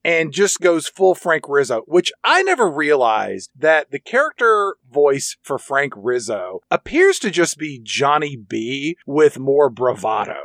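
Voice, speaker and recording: A man co-hosting a movie podcast, recapping scenes in animated casual chat. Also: fairly high pitch, a little slow, hardly any pauses, dry recording, studio quality. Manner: animated, acts out movie lines in goofy voices. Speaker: podcast co-host.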